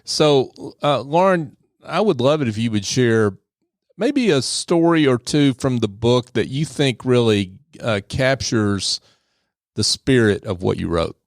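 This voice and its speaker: A male radio host introduces his guest and then sums up her points in an affirming tone. His voice sits in a middle pitch, recorded close and dry in a studio. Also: expressive, unhurried, dry recording. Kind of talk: radio interview.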